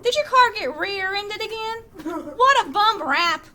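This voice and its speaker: Woman reader doing a dad's jokey put-on old lady voice, high and hammy, storybook read-aloud. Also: expressive, a little slow, bright, forceful tone, a little hiss or hum, heavily acted. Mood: joking. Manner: hammy, sing-song paging announcer. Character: an old lady voice a dad fakes as a joke.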